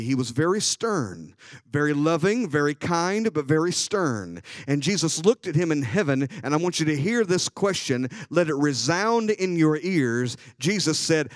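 Storytelling preacher, higher-pitched man. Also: no echo, studio quality. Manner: storytelling preacher, swings from hushed to shouting. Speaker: bishop preaching. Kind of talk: sermon.

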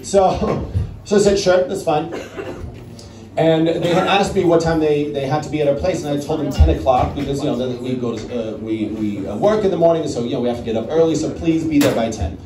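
A man's voice: a little high, a little fast, distant mic, music in the background. A male stand-up comedian from the Netherlands, telling a chatty story on stage and talking with the crowd. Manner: chatty, acts out voices, talks to the crowd. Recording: roomy club sound with crowd. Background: audience laughing.

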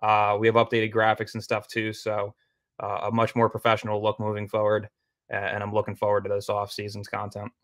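Brief: male podcast guest, blunt and opinionated, flat delivery. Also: lowish voice, fairly quick, no echo. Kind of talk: casual debate chat.

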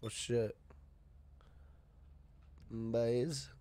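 A man's voice: mid-range voice, level tone, very slow, mellow. A man casually live-streaming a game, greeting chatters by name and swearing freely.

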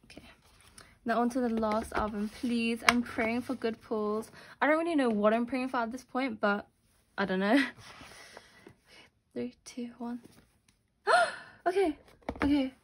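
A young woman chats her way through an unboxing, gushing and gasping with delight at each find. Her voice sits a little high. Faint background hiss and small clicks are heard behind her. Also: unhurried, pauses often. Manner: gushing, excitable, gasps and squeals over pulls. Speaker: unboxing vlogger. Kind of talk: casual unboxing commentary.

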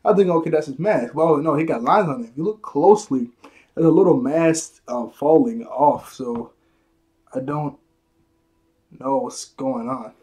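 A man's voice: fairly high pitch, a little slow, a little mellow, breathy edge. A man casually reviewing a manga chapter, rambling and restarting his sentences, with chuckles along the way.

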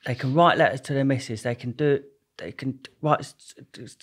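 A young man with a mid-range, breathy-edged voice talks at normal speed as a podcast guest. His casual storytelling in the interview is rambling and slangy, with plenty of swearing and restarts.

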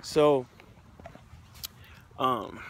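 An American motivational speaker shares his personal testimony in a casual, heartfelt style full of loose slang. His mid-range voice moves very slowly and sounds a bit bright, with a faint hiss or hum in the background.

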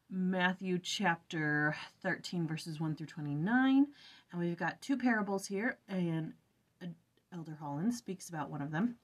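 A woman hosting an early-morning scripture study, chatting casually and thinking aloud as she reflects. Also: mid-range voice.

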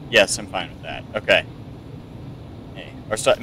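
Bright-voiced man narrating his gameplay. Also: sits low, unhurried, pauses often, slight background noise. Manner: reads game text aloud, chatty asides, jokey accents. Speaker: gamer playing through a game. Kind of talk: casual game playthrough commentary.

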